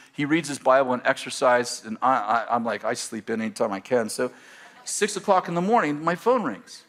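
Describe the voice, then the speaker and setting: A middle-aged male pastor telling a story from the pulpit, lively and laughing at himself. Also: fairly high pitch. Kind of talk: storytelling sermon.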